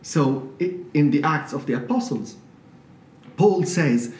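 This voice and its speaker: A man's voice: on the high side, takes it slowly. Man from syria telling stories in an interview, gets really emphatic, sounds kinda far off in an echoey office. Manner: animated, emphatic storyteller. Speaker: priest, charity director. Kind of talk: interview guest, storytelling. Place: charity office. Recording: roomy office, mic at a distance, faint hiss.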